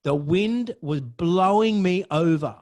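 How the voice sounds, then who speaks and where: Swearing, excitable high-voiced man. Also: slow pace. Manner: profane, excitable, swings from low mutters to loud outbursts. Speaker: podcast host. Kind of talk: storytelling monologue.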